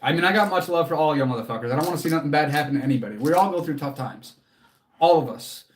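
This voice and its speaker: A man's voice: a little high, animated, racing. A man hosting a casual livestream as a fitness coach, answering chat in an earnest, motivational way, casually swearing and close to tears.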